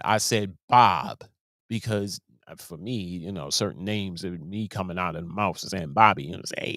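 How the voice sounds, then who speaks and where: A man's voice: sits low, moderate pace, a bit bright, dry recording, studio quality. A man hosting a show, giving casual commentary in an emphatic way, often repeating and restarting his words. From Baltimore, USA. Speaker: host.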